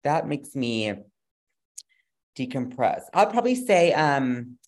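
A drag performer man from Madison, Wisconsin, sits in for a loose interview, talking in a campy, gushing way and tossing out playful slang. His pitch sits in an ordinary middle range for a man, and he often trails off as he gets carried away. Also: very animated, takes it slowly. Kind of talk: casual interview chat.

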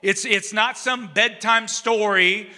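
High, bright-voiced animated preacher man. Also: slow pace, big-room sound. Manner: animated storytelling, acts out voices of characters; conversational, asks the audience "you know what I'm saying". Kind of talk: sermon.

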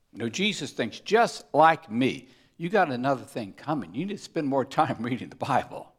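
A man preaching a sermon, emphatic, moving between loud stresses and hushed asides, often asking his listeners rhetorical questions. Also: mid-range voice. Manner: asks the congregation rhetorical questions. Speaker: pastor.

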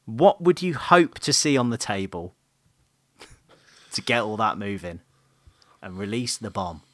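A playful male podcast co-host chats casually, his pitch swinging widely as he spins a silly scenario. His voice sits very close and dry on the mic, with no room sound. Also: lively intonation, unhurried, no room sound. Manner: playful, giggly storyteller. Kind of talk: casual chat.

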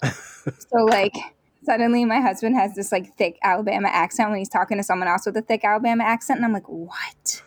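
A woman from the Philadelphia area, co-hosting a casual podcast and telling a relaxed, wry story. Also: mid-range voice, fast, no echo. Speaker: podcast co-host. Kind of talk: casual chat.

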